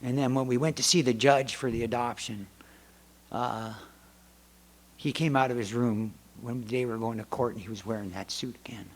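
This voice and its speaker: A man's voice: mid-range voice, fairly even intonation, normal speed. Rambling middle-aged man sharing his story. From United States. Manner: rambling, self-interrupting storyteller who acts out family dialogue. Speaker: recovery meeting speaker. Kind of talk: personal testimony talk. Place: meeting hall before an audience.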